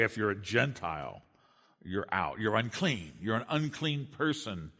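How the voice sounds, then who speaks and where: A man's voice: mid-range voice, fairly bright tone, big-room sound. A man preaching an expository sermon, emphatic, with his voice rising and dropping sharply for stress and with occasional restarts.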